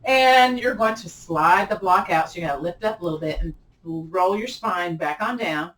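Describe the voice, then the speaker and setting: A woman teaching a gentle yoga class, chatty and encouraging, often laughing at herself. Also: on the low side, normal speed, roomy sound, far from the mic, low-quality recording. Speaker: yoga instructor.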